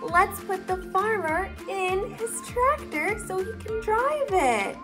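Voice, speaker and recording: A young woman hosting a children's learning video, talking in a slow, exaggerated, encouraging sing-song for toddlers. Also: very high voice, lively intonation, music in the background. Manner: exaggerated, encouraging, drawn-out words. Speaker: children's educational video host.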